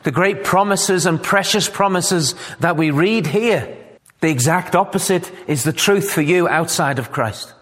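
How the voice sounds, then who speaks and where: Male preacher, fairly high voice, earnest sermon delivery with fervent peaks, long hall reverb. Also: unhurried, a bit bright.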